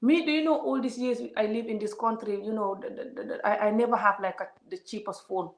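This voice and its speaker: A woman's voice: on the high side, fairly even intonation, fairly quick. A woman giving an emphatic, preachy vlog monologue, full of repeated words and rhetorical questions. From Gambia. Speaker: vlogger. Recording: roomy echo.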